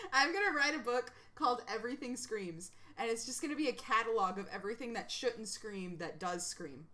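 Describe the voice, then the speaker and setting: A woman streamer chatting casually while reacting to videos, giggly and excitable, rambling from thought to thought. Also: on the high side, moderate pace.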